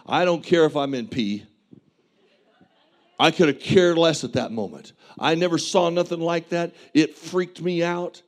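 A man delivers a sermon, his voice sitting a little higher than most men's. He tells a vivid testimony with plain, earnest conviction and preaches with passion. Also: measured pace. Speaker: pastor.

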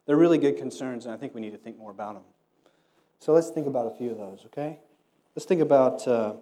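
Conversational male preacher, mellow tone. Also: medium pitch, quick pace. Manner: conversational, animated, acts out quoted voices. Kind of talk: sermon with storytelling.

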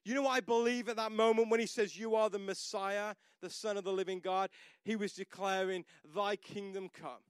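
High-voiced male pastor preaching. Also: steady tone, normal speed, clear, resonant tone, no room sound, studio quality. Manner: storytelling, rising to emphatic declarations. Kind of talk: sermon.

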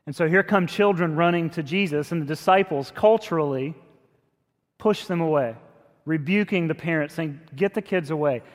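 A man with a slightly high voice delivers a sermon in a plain, conversational manner. His words ring out through the long reverb of a big hall. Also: normal speed. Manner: conversational preaching, rises in pitch and force when emphatic. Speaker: pastor.

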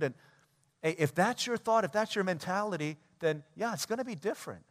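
A man preaching a sermon as a pastor, animated and conversational, acting out everyday scenes. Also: sits high, brisk. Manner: animated, acts out everyday scenes in quoted voices. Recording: long church hall reverb.

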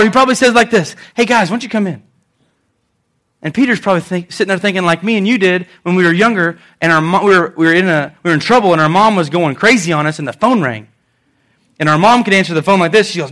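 A man preaching a sermon as pastor, animated, swinging between loud and soft, acting out quotes. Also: on the high side, a little fast.

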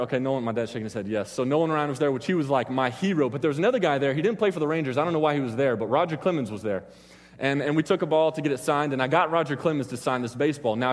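A man giving a sermon to a live audience, rambling through personal stories and stopping often to restart and joke. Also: mid-range voice. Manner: rambling, self-interrupting, joking with the crowd. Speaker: preacher. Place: church hall with an audience. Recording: long hall reverb.

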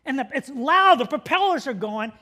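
A middle-aged man preaching a sermon as pastor, telling a story with laughs and shouted quotes. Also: very high voice, animated, moderate pace.

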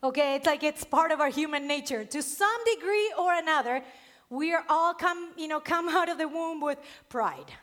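A woman preacher with an accent, giving a sermon and telling a personal story in a lively way with frequent laughs. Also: sits high, moderate pace. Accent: non-native accent. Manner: lively storytelling, laughs often, stresses key words.

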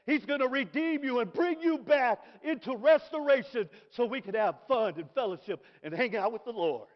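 A middle-aged man preaches with a strikingly high voice. He is animated, sinking into quiet asides and climbing into shouts. The sound is dull and rings with a long hall reverb. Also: moderate pace. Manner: animated, swings from soft asides to shouted praise. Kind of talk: sermon.

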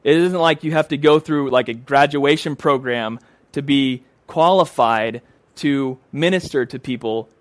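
A man's voice: medium pitch, no echo. A man preaching a sermon, emphatic and repeating phrases for stress.

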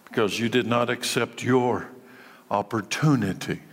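A man preaching a sermon, his voice surging high and loud at its peaks, then sinking low and quiet. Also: a little slow, big-room sound. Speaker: pastor.

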